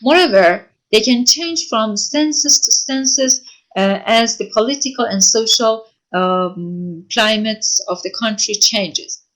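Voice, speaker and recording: A woman lecturer giving an online class, answering written questions from students and speaking haltingly with frequent pauses and self-corrections. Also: on the high side. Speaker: university lecturer.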